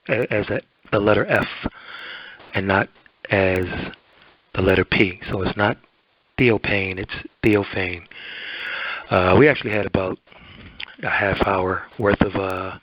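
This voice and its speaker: A hoarse man hosting a boxing interview show, talking in a halting, rambling way. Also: lowish voice, no room sound. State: hoarse, voice almost gone. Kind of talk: radio-style interview and commentary. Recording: dull lo-fi dry recording.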